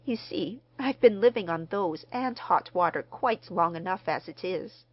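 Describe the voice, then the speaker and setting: A woman reading the part of a mild, courteous gentleman stranger who speaks formally. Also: on the low side, animated, measured pace, highs cut off. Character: mild, polite middle-aged gentleman stranger.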